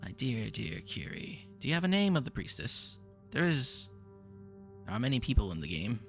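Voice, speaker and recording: Casting: man doing a pompous eccentric mage, gravelly, swoops up and down a lot. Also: medium pitch, sing-song, moderate pace, soft background music. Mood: grandiose. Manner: pompous, theatrical, touchy. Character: grandiose eccentric male mage, game's creator.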